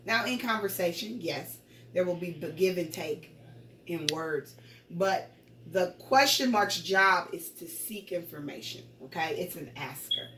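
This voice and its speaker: Woman, reading teacher, patient, encouraging, slow exaggerated read-alouds, lowish voice, echoey room. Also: a bit bright. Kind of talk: early-grades remote reading lesson. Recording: echoey room, voice from far off the mic.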